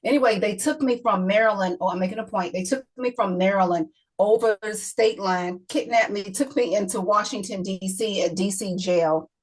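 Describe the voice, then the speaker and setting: Woman, middle-aged, interview guest, emotional storytelling, repeats phrases, mid pitch. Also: moderate pace, hardly any pauses, low-quality recording. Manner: emotional, repeating herself, quoting others. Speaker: guest, author.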